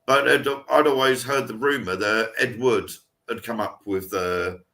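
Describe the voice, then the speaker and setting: A man's voice: on the low side, unhurried, vocal fry, bright, forceful tone. A man co-hosting a paranormal podcast in casual, rambling chat. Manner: rambling, chatty, with restarts. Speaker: podcast co-host.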